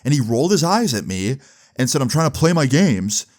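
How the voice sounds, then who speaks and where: A man's voice: medium pitch, very animated, a little fast, a little mellow, natural voice. A man mimicking his mother's smug, lying boyfriend in a mocking, falsely innocent voice.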